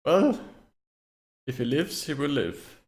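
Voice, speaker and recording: A man puts on a shady necromancer who talks in polite, formal hedges and never quite promises anything. The voice swings widely in pitch and slides in and out of a Russian-like accent, a tabletop role-play character. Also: sing-song, slow. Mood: reassuring. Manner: formal, hedging.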